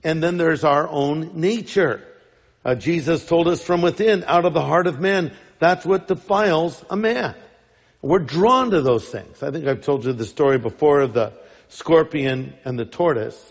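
High-voiced preacher in an echoing hall. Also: male voice, normal speed. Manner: emphatic, rhetorical questions. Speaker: pastor. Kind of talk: sermon. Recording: long reverb in large hall.

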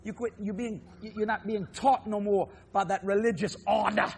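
A man preaching a televised sermon, swinging from low murmurs to loud shouting. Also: steady tone, normal speed, creaky, slight background noise.

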